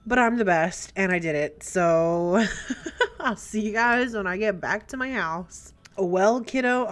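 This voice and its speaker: A young woman giving let's play commentary, chatty and prone to excited squeals and gasps. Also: mid-range voice, measured pace. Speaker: gaming YouTuber. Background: faint game music.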